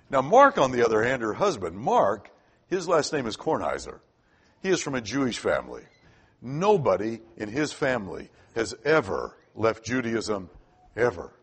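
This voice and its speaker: An older man from Florida preaches a sermon, telling a personal story conversationally and often restarting sentences by repeating words. His voice is medium-pitched with a breathy edge.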